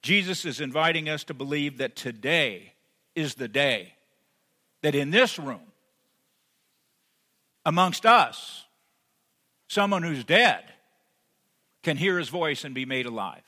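A man preaching a sermon as pastor, rising to emphatic peaks and then dropping soft and intimate. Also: mid-range voice, animated, normal speed. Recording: long hall reverb.

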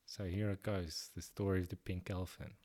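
Low-voiced man telling a story. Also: little pitch movement, brisk, dark tone. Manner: self-deprecating, swears casually. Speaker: podcast host. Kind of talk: casual storytelling monologue.

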